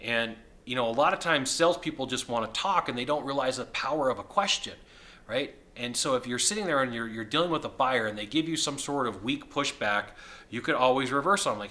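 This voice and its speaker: Bright-voiced, slightly hoarse man vlogging. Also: mid-range voice, brisk. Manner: energetic, chatty, upbeat. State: losing his voice, a bit hoarse. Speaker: sales consultant. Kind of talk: casual video talk to camera. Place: hotel suite.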